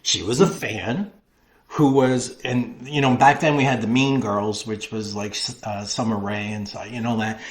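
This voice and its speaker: A man, a wrestling promo class coach, telling stories in an interview, animated and full of restarts. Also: fairly low pitch, unhurried. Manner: animated storyteller with many restarts. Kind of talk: storytelling interview.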